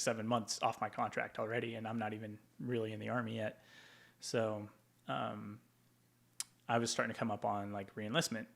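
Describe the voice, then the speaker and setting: This Tacoma, Washington, veteran speaks in a lowish, creaky voice with a fairly bright tone. As an interview guest he tells stories casually and rambles, filling them with ums and likes.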